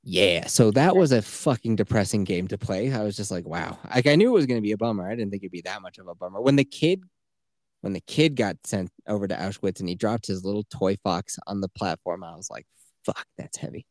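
This podcast co-host speaks in a fairly low, darkish voice, expressive and a bit quick, as he swears freely and acts out quoted voices while telling stories. The recording is dry and studio quality.

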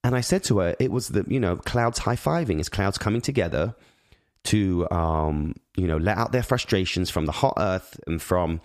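A man's voice: deep voice, expressive, normal speed, darkish tone, no echo, studio quality. A father speaking in an earnest, reflective monologue on parenting, rambling with many restarts and repeated words.

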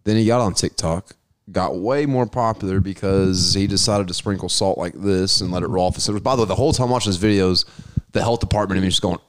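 A man with a notably deep, low voice chats on a podcast. He swears freely and rambles through a long story in an offhand way. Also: quick pace, a little hiss or hum. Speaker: podcast co-host. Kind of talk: casual chat.

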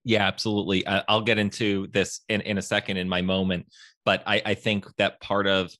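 A man's voice: deep voice, little pitch movement, brisk, fairly bright tone, dry recording, clean studio sound. A man co-hosting a podcast in a casual film discussion, talking thoughtfully and repeating words as he thinks. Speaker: podcast co-host.

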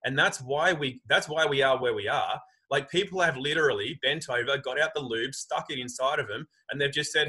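Bright-voiced man talking animatedly. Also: medium pitch, fairly quick, husky, poor audio. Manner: animated, acts out quoted voices. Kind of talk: casual conversation.

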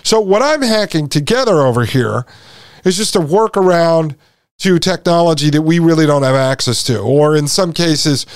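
A man's voice: on the high side, lively intonation, moderate pace, smooth. A male podcast host speaking alone in an emphatic, conversational monologue, turning to his listeners as he goes. His voice sits a little above the usual male range. The sound is dry and close, with hardly any room echo. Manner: emphatic, talks directly to listeners.

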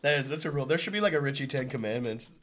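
A man co-hosting a podcast in casual chat, telling animated stories with loud impressions and frequent laughter. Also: medium pitch, very fast, over a noisy crowd. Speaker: podcast co-host, comedy club doorman.

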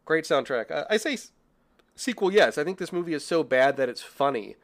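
A young man co-hosts a casual podcast reviewing films, rambling in a self-deprecating way and laughing often. His voice is fairly high with lively intonation, a little fast, and there's background noise.

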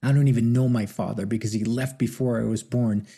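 A man voicing a brawny, bitter son in his sixties who talks gruffly. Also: medium pitch, steady tone, dark tone. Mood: angry. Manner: gruff, quick to anger, then subdued.

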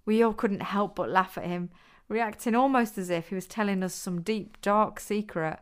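A woman narrating a written story in a steady, measured way. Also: medium pitch, clear, resonant tone.

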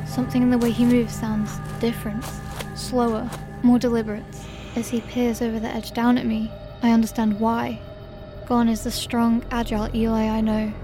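A woman with a fairly high voice tells a first-person horror tale in a tense, dramatic way. Clear music plays under her narration throughout. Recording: music bed behind the voice.

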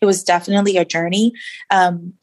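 A woman's voice: on the low side, fairly even intonation, fairly quick, a little mellow. A woman guest in an interview, sharing her personal faith story in an earnest, reflective way with many fillers.

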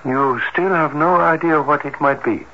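An actor playing a reserved heart doctor in an old-time radio drama, speaking in a formal, measured and hesitant way. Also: male voice, on the high side, close to an everyday voice. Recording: dull lo-fi radio broadcast with faint hiss.

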